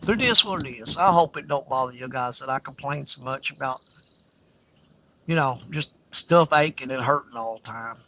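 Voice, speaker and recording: An older man hosts a fishing livestream outdoors on a riverbank, chatting casually in a folksy, rambling, candid way. His voice is mid-range at a normal speed, with background noise in the dull lo-fi livestream audio.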